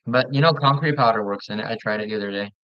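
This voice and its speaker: A man chatting casually while playing a game with a friend, relaxed and talkative, often stumbling and restarting his sentences. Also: on the low side, rapid-fire, dry recording, muffled recording. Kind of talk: casual gaming chat.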